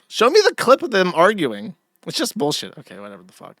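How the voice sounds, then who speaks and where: A man's voice: sits high, wildly swooping pitch, brisk, few pauses, fairly bright tone, no room sound, clean studio sound. A man hosting a livestream, ranting and swearing in casual commentary. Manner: profane, ranting. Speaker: stream host.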